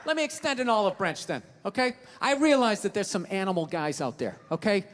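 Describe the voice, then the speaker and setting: A man performing a stand-up routine for a live audience, ranting and swearing, with sudden bursts of shouting. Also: high-pitched, expressive, brisk, a little hiss or hum. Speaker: stand-up comedian.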